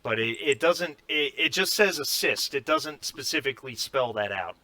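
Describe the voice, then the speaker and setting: A man as game master of a tabletop role-playing game, talking in a halting way with many fillers. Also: medium pitch, animated, pushed and bright, dry recording.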